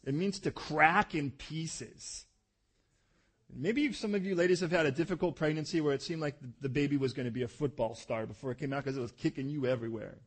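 A man preaching a sermon as pastor, telling stories animatedly and acting out voices, dropping soft for tender moments. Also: a little high, fairly quick.

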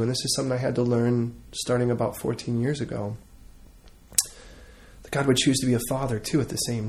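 A middle-aged man preaching a sermon and leading a closing prayer, in an earnest, conversational way with frequent pauses and restarts. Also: medium pitch, a little mellow. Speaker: pastor.

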